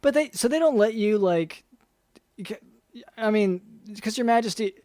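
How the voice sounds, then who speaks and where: A man's voice: sits high, lively intonation, normal speed, darkish tone, no room sound, studio quality. A man hosting a comedy podcast as a doctor, hesitant and stammering.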